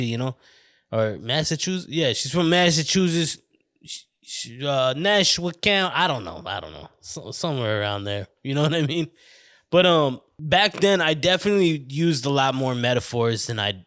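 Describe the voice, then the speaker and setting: A man hosting his own podcast, talking in a loose, rambling way that keeps drifting into tangents. He swears freely and keeps checking in with the listener. His voice sits at an ordinary pitch and sounds close and dry, with no room echo. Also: a bit bright. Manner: rambling, off on tangents, swearing, often saying "you know what I mean". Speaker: podcast host. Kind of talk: casual podcast chat. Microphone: studio mic on camera.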